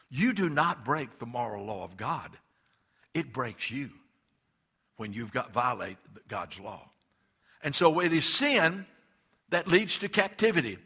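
An older man preaching a sermon with fervent emphasis, stammering on restarts and slowing down to press a point. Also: fairly high pitch, big pitch swings, bright, forceful tone, slightly rough. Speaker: pastor.

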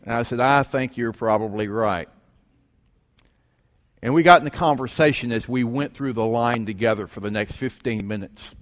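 Man, pastor, lively sermon storytelling, mid-pitched voice, long hall reverb. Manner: animated storyteller, acting out quoted voices. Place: church sanctuary.

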